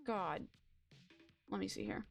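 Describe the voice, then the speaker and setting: Young female streamer, mid-range voice, rambling and excitable chatter over soft background music. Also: mid-range voice, takes it slowly, vocal fry. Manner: excitable, rambling, self-mocking. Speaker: game streamer. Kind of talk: casual live-stream chatter.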